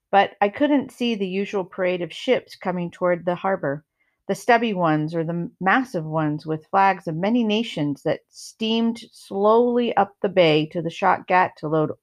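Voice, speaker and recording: A woman reads a first-person novel aloud, narrating in a calm, measured way. Her voice sits on the low side for a woman. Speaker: reader.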